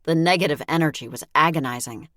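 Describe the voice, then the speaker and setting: Very low-voiced woman narrating dryly. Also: fast talker, a bit bright, no echo, studio quality. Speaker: audiobook narrator. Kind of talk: first-person scripted narration.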